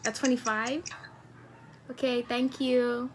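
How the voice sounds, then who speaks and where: A woman's voice: fairly high pitch, level tone, takes it slowly, slight background noise. An eighteen-year-old woman vlogging casual video calls with strangers on her phone, slangy and repeating the same question again and again.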